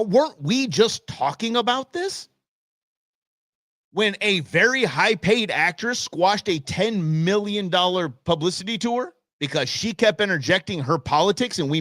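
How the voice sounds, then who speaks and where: A man's voice: sits high, animated, moderate pace, fairly bright tone, dry recording, studio quality. A middle-aged man hosting a live talk show, ranting bluntly and with exasperation. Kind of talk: opinionated live show rant.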